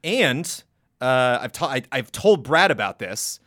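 A man's voice: mid-range voice, big pitch swings, a little slow, sharp tone. A man hosting a casual podcast chat, telling stories animatedly and slipping into playful voices. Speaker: podcast host.

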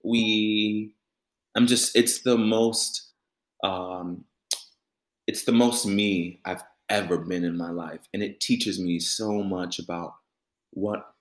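Animated young man telling a story. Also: deep voice. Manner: animated storyteller acting out quoted voices, with laughter. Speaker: musician and band leader. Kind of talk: storytelling in a conversational interview.

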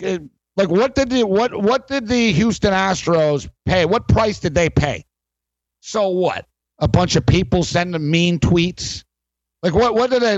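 A man's voice: a little high, no echo, highs cut off. A man hosting a sports talk radio show, ranting in a rambling, sarcastic way with many fillers.

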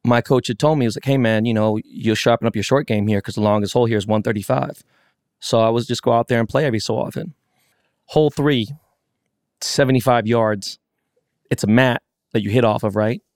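A man co-hosting a podcast, telling a story with lots of swearing and excitement. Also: medium pitch, fairly quick, no echo, clean studio sound. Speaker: podcast co-host. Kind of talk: casual chat.

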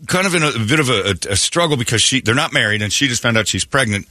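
A man's voice: medium pitch, expressive, fast talker, sharp tone, no echo, clean studio sound. A man hosting a morning radio show, telling a story in a joking, laughing way. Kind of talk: casual radio banter. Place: radio studio.

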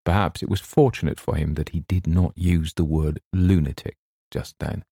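A man narrating a classic story in a measured, deliberate way. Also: deep voice, steady tone, warm tone, husky, no room sound, studio quality. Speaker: audiobook narrator. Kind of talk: scripted narration.

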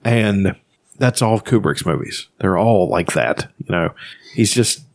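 Chatting casually on a podcast, a man with a low voice retells movies in an animated, unhurried way, rambling and swearing freely.

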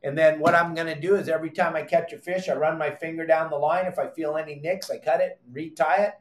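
A middle-aged man hosting a fishing podcast, explaining technique in an emphatic, animated way, repeating his commands and adding exasperated asides. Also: fairly high pitch, quick pace. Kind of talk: animated how-to fishing talk. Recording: echoey room.

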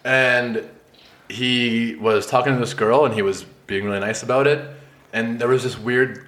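A man's voice: mid-range voice, steady tone, moderate pace, fairly bright tone. A young man co-hosting a podcast in casual chat, joking and spinning silly made-up scenarios. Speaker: podcast co-host.

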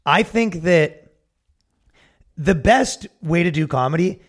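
A man's voice: fairly high pitch, expressive, takes it slowly. A man hosting a casual comedy podcast, rambling and swearing, acting out quotes in sudden bursts. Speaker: podcast host.

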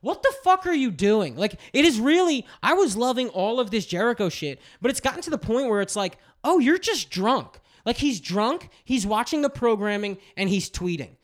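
Male podcast host, lively pitch, casual chat, profane rant. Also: fairly quick, hardly any pauses. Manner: animated, profane ranting.

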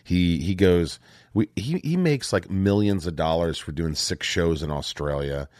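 Low-voiced rambling male podcast host. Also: unhurried, darkish tone, dry recording, clean studio sound. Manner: rambling, restarts a lot, jokey. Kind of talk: casual chat.

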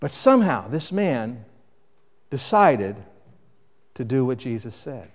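A man preaching a sermon with dynamic delivery, rising to loud emphasis and dropping to quiet reflection. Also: medium pitch, very animated, takes it slowly, in a large hall. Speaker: pastor.

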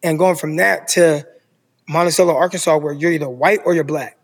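A man's voice: fairly high pitch, brisk, long reverb tail. A man in his thirties from California, a guest telling his story in casual chat and acting out what others said. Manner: animated, acts out others' voices.

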